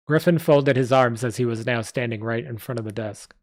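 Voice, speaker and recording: A man's voice: medium pitch, fairly quick, few pauses, darkish tone, no echo. A man reads a story aloud on a live stream. He keeps a plain pace and fixes small slips as he goes. The sound is close and dry. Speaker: story reader.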